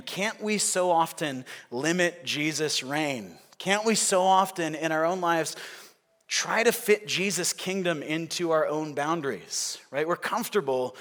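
Preaching a sermon, a pastor speaks in a somewhat high, slightly bright voice at a little slow pace. His style is conversational, and he frequently poses questions to check in with his congregation.

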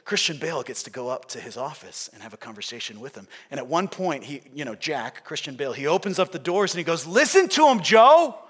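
A man's voice: mid-range voice, expressive, fast talker, hardly any pauses, fairly bright tone, husky. A man preaching a sermon as a pastor, conversational and often checking in with his listeners. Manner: conversational, asks the audience questions.

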